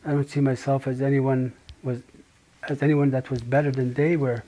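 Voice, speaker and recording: Slow, soft-spoken man sharing testimony. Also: medium pitch, little pitch movement. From Manitoba, Canada. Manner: slow, halting, reflective with pauses and restarts. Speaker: speaker sharing his life story. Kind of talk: personal testimony.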